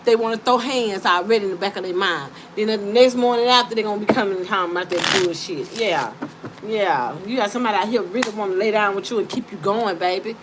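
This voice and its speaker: Chatting with her viewers during a relaxed live-stream card reading, a woman is animated, teasing, and profane, frequently bursting into laughter. She talks fairly quickly in a mid-range voice over steady background noise.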